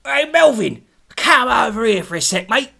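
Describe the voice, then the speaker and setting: A man's voice: high voice, lively intonation, moderate pace, gravelly, husky, pitched above the performer's own voice, heavily acted. A man voicing a brash, eager-to-help male pub landlord with a London accent, friendly and slangy. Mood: chummy. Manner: chummy, loud, slangy.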